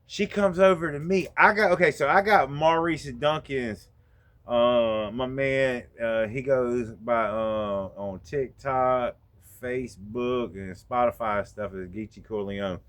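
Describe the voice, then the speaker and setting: A man hosting a podcast, telling a story in a casual, profane way and getting animated as he acts out the exchanges. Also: mid-range voice, takes it slowly. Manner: profane, laid-back, animated when retelling. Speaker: podcast host.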